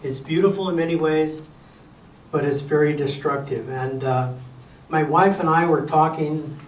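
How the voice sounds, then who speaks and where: A man's voice: on the high side, measured pace, far from the mic, slight background noise. Older man giving a folksy class talk. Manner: folksy, wry asides and gentle humor. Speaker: Sabbath school presenter. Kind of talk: casual lecture to a class. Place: church classroom. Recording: echoey room recorded from afar.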